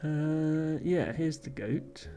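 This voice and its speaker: A man's voice: a little high, extremely slow, vocal fry, mellow, faint music behind. A man streaming a video game live, thinking aloud with frequent ums and little chuckles.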